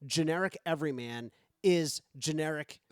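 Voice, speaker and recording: A man's voice: fairly high pitch, moderate pace, smooth, no echo. A man co-hosting a comedy podcast, chatting casually and rambling with lots of fillers into a close studio mic. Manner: animated, rambling with many fillers. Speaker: podcast co-host.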